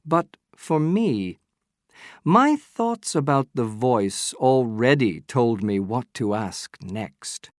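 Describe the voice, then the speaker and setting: Slow, lively-voiced male audiobook narrator. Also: medium pitch, no echo, clean studio sound. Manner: measured, storytelling first-person telling.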